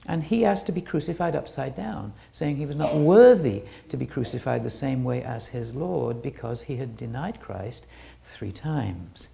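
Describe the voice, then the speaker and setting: A woman presents an illustrated talk in a low, mellow voice with a heavy gravelly edge. She rambles and restarts her sentences, her pitch swinging widely as she explains. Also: expressive, moderate pace, slight background noise.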